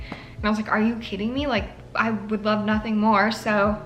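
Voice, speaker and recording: A woman's voice: a little high, little pitch movement, fairly quick, sharp tone, slight background noise. A young woman, a nursing student, tells a story in a casual vlog, chatty and heavy on fillers, her voice cracking with emotion.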